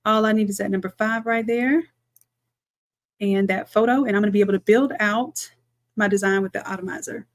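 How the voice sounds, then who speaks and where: A woman, a design instructor chatting through a live-streamed software tutorial, talking to viewers as y'all and thinking aloud as she works. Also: mid-range voice, fairly even intonation, brisk.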